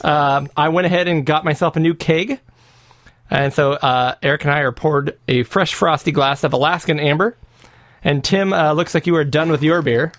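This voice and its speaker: An American man hosts a podcast in a playful, bantering way. His voice sits a bit high for a man and sounds dry and close. He keeps things light and jokey. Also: steady tone, normal speed, fairly bright tone, no room sound. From United States. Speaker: podcast host. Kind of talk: casual chat.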